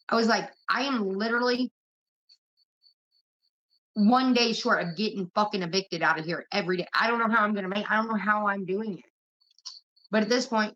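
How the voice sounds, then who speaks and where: Woman streamer, casual chat host; bright, cutting tone, blunt and profane, muffled lo-fi audio. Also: mid-range voice. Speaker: livestream host. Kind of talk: casual venting to a live chat.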